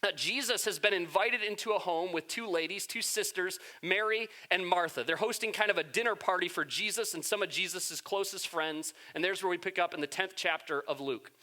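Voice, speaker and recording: Pastor guy giving a sermon, high bright voice, joking around. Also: brisk, hardly any pauses. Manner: animated, playful storytelling. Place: church.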